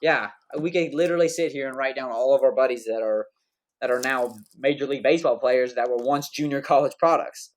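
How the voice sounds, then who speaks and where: A man of middle pitch hosts a relaxed podcast conversation. He rambles, tosses in slang, and circles back with fillers and restarts as he thinks aloud. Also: a little fast. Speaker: podcast host. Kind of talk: casual podcast chat.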